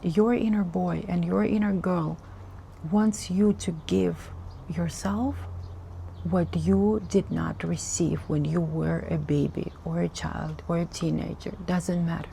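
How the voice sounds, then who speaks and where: A woman's voice: lowish voice, steady tone, vocal fry, mellow, slight background noise. A woman giving an earnest, emotional spiritual message as a tarot reader, repeating herself for emphasis. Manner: slow, earnest, repetitive, emotional.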